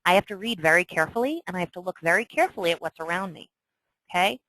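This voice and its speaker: Chatty woman teaching chart trading, bright voice. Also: on the low side, expressive, rapid-fire, poor audio. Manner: chatty, emphatic, often asks "okay?". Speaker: trading instructor. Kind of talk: screen-share trading tutorial.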